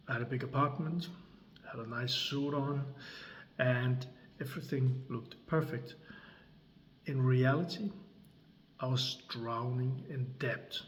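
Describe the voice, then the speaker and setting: A man tells his own story in English at a very slow, measured pace. He leaves long pauses between short phrases, and his pitch sits in a middle range. A faint hiss of background noise stays under his voice. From Denmark. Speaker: creator and coach.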